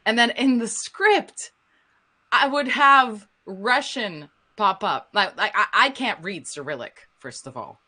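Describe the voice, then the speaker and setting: Emphatic Slovenian woman, bright voice. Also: medium pitch, takes it slowly. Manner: emphatic, animated, frank. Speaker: voice actor, panelist. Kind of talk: panel discussion.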